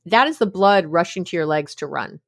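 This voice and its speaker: Animated woman telling everyday stories. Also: on the low side, a little fast, vocal fry. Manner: animated storytelling with laughs and acted-out quotes. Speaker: guest expert on mindfulness. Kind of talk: casual conversational explanation.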